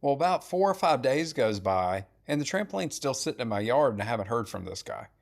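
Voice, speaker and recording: A man's voice: mid-range voice, fairly quick, creaky. Blunt middle-aged man telling stories. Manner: animated storyteller, blunt and profane. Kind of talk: casual storytelling chat.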